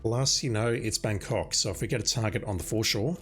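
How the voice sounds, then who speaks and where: A man streaming a video game, hoarse and losing his voice, planning his moves aloud as he plays. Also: fairly low pitch, moderate pace, faint music behind. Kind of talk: gaming commentary.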